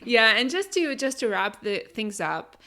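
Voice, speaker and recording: A woman's voice: a little high, big pitch swings, measured pace, bright, forceful tone. Chatty woman podcast co-host. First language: not English. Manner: chatty, upbeat, full of fillers like "you know" and "right?". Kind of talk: casual podcast conversation.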